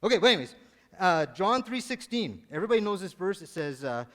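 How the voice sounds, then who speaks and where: A man's voice: high-pitched, big pitch swings, fast. A man giving a casual, joking sermon to his congregation, rambling and conversational. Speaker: lay preacher. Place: church sanctuary. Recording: long church hall reverb.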